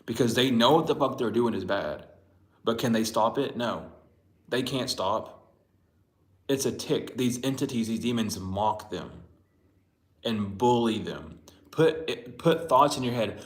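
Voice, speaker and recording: Man, tarot reader, blunt and profane, mid pitch, echoey room. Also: a little slow. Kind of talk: casual spiritual reading rant. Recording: roomy echo.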